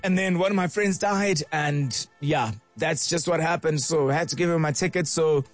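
A man with a South African accent hosting an afternoon radio show, chatty and rushed, getting emotional. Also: on the high side, soft background music. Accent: South African English. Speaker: radio host. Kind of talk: radio show chat and read ads.

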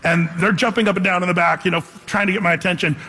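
A middle-aged male pastor preaching a sermon, a lively, joking storyteller. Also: high voice, quick pace, slightly rough. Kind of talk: sermon with a humorous personal story. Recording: long reverb of a large hall.

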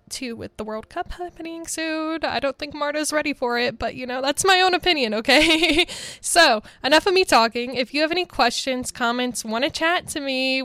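A young woman in her twenties from Georgia, chatting casually as a college radio DJ in a studio, bubbly and quick to laugh. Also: high voice, a bit bright, smooth, dry recording. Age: 20s.

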